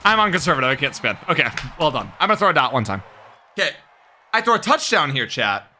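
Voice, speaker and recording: A young man commentating his own live game stream, cocky and hyped, trash talking and yelling at the game. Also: a little high, sing-song, quick pace, a little hiss or hum.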